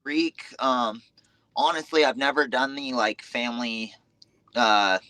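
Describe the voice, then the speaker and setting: A man speaks as a podcast guest in a bright, forward voice, recorded close and dry. He talks openly and without fuss. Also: mid-range voice, slow pace, no room sound. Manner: easygoing, candid. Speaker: podcast guest, motocross rider. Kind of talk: casual interview chat.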